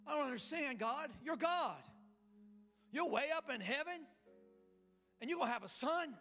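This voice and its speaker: Preacher voicing a bewildered old patriarch. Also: male voice, extremely high pitch, expressive, moderate pace, pushed and bright, full character voice. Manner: colloquial, protesting, repeating himself. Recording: long hall reverb with music.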